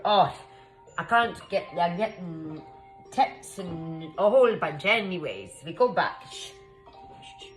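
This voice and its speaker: A woman's voice: lowish voice, close to an everyday voice, rough recording. A woman playing a scatterbrained, cheerful female Mad Hatter who hosts an improvised comedy cooking demo, talking in a rambling, flustered way with a Scottish-tinged accent that drifts. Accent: Scottish-tinged, shifting. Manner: rambling, flustered, chatty, muddles measurements. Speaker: cooking show host in costume.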